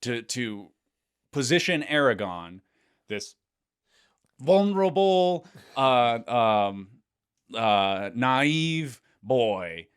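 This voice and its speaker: A man co-hosting a casual film discussion podcast, jokey and quick with asides. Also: mid-range voice, big pitch swings, smooth. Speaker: podcast co-host.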